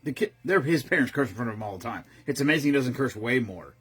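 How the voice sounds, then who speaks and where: Casual host, man in his fifties, very husky and raspy, lively rambling delivery. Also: medium pitch, quick pace. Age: 50s. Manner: rambling and profane, with frequent restarts. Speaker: streamer host. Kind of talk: casual chat.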